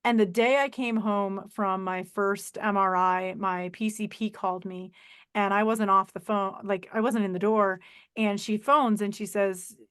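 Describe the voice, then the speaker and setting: A woman in her forties hosting a podcast, telling a personal story in a lively, emotional way over a video call. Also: medium pitch, measured pace, smooth. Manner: animated, emotional storyteller who acts out voices in quotes. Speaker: podcast host. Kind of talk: casual conversational storytelling.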